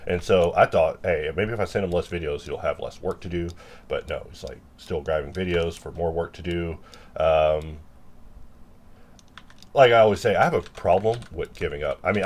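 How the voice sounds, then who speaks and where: He's a low-voiced man who rambles in a relaxed way as he works. Self-deprecating humor runs through his chatter, broken up by occasional loud, mock-angry outbursts.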